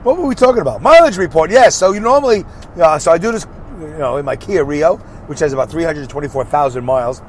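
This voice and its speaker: A man's voice: on the high side, lively intonation, fast talker. A man in his sixties hosting a casual, rambling solo podcast from his car while he drives, joking and arguing back at imagined critics. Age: 60s. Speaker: podcast host and truck driver. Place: inside a car while driving. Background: faint car and road noise.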